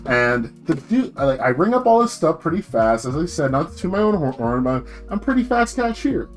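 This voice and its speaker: A man's voice: mid-range voice, expressive, fairly quick, faint music behind. A young man streaming, telling a long, profane story about his work in casual slang and acting out what other people said. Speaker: VTuber streamer.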